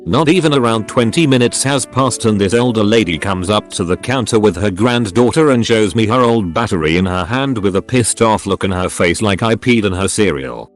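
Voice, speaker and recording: A man's voice: on the low side, moderate pace, few pauses, soft background music. A man narrating online forum posts, reading every typo and edit note just as written.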